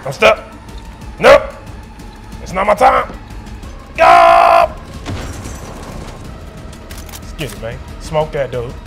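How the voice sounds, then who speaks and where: A man giving excited, slangy commentary while he plays a video game and talks back to it. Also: mid-range voice, fairly quick, soft background music. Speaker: gaming streamer.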